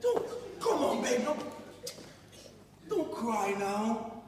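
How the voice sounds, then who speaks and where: A man's voice: very high-pitched, big pitch swings, very slow, background noise, exaggerated voice. A man in his twenties with a Nigerian accent, acting in a stage drama as a young man pleading with his fiancée, emphatic and often laughing. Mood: tender. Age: 20s. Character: Nigerian man, passionate, loving, frustrated. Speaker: stage actor. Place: theater stage. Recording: echoey hall from far off, audience.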